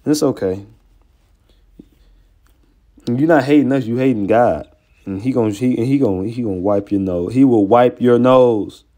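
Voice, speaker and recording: A man teaching scripture in a heated online sermon, combative and excitable, taunting opponents with profanity, then reading verses aloud and stopping to comment on them. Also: medium pitch, normal speed, long pauses. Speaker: religious teacher.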